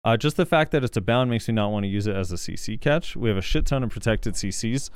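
With a fairly low, smooth voice and lively intonation, this fast-talking man co-hosts a gaming podcast. He reads viewer comments and reacts casually and hesitantly with many fillers, in a dry recording.

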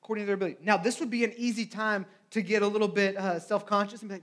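A man's voice: sits high, fairly even intonation, rapid-fire, few pauses, fairly bright tone. A man preaching a sermon in a conversational way, often asking "right?" and acting out quotes.

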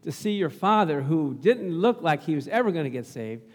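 A man's voice: a little high, sing-song, normal speed, long reverb tail. A middle-aged male pastor preaching a sermon, telling a family story and calling out for amens. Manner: storytelling, acts out quoted voices, calls for amens.

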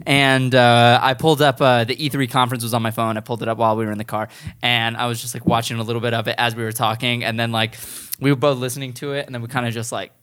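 A young man co-hosting a casual podcast, telling a story in an animated, laughing way. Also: medium pitch, quick pace, clear, resonant tone. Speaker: podcast co-host. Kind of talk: casual chat.

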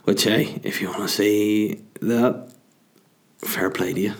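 A man's voice: lowish voice, fairly even intonation, slow. A man, getting over a cold, rambling through a sweary, self-mocking podcast monologue and laughing at his own jokes. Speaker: comedian hosting a podcast.

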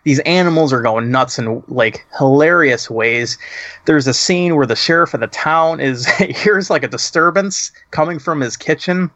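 A man's voice: fairly high pitch, normal speed, a bit bright, no room sound. A man co-hosting a casual chat, laughing and swearing as he retells a movie's scenes. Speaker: podcast co-host.

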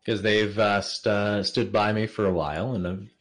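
A man as the guest on a casual podcast, answering questions hesitantly with lots of ums and easy laughter. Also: on the low side. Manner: hesitant, many fillers, laughs easily. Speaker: interview guest.

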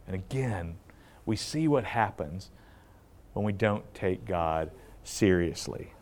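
Man teaching scripture, lively and questioning. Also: low voice, a little slow. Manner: animated, asks the audience questions, acts out quotes. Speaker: preacher. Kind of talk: conversational Bible teaching.

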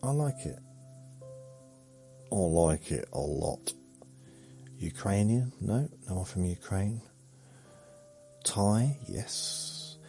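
Deep gravelly rambling man. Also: animated, extremely slow, pauses often, warm tone, faint music behind. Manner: meandering, muttered asides, trails off. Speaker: sleep podcast host. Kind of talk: rambling bedtime monologue.

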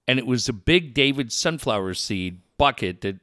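A man's voice: medium pitch, lively intonation, moderate pace, bright, forceful tone, dry recording, clean studio sound. A middle-aged man hosting a sports talk show, telling a profane story with lots of laughter. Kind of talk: casual storytelling chat.

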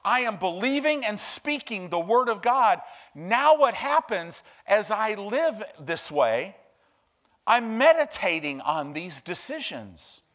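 A male preacher giving an emphatic, animated sermon that swings from hushed to loud. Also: sits high, slow pace.

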